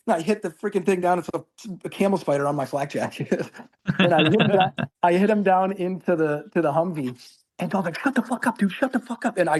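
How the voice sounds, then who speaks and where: A man in his forties, a former Marine guest, telling war stories in casual conversation, animated and laughing as he acts out quoted voices. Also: on the high side. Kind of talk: conversational storytelling.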